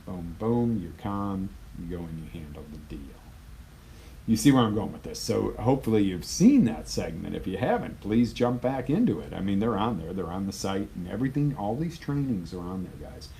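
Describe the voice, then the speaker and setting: Man, live motivational coach, low gravelly voice, punchy and chatty with sudden loud bursts. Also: lively intonation, brisk, slight background noise, low-quality recording. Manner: emphatic, conversational, swings from loud bursts to quiet asides. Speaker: life coach.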